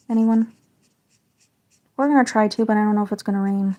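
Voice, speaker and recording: A slightly hoarse woman with a raspy voice, a parent chatting casually and rambling on a livestream while she colours, hedging her words as she goes. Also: mid-range voice, steady tone, fairly quick, dark tone, muffled recording, slight background noise. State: slightly hoarse, getting sick. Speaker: livestreaming artist.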